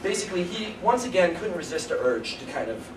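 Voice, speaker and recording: A man's voice: sits high, big pitch swings, brisk. A young man in his early twenties doing a rambling stand-up set at a college show, laughing at his own jokes. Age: early 20s. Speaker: stand-up comedian. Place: college comedy show before a live audience. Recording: echoey room, far from mic, noisy.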